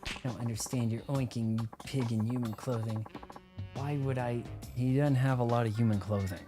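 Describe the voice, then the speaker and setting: A man voicing a haughty young female dominatrix in a lower, cold, scornful tone. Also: fairly even intonation, moderate pace, music in the background, natural voice.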